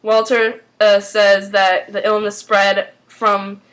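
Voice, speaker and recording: A woman's voice: medium pitch, monotone, takes it slowly, fairly bright tone. A woman casually recapping a TV episode, rambling with lots of fillers. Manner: rambling, full of "like" and "um". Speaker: TV recap vlogger.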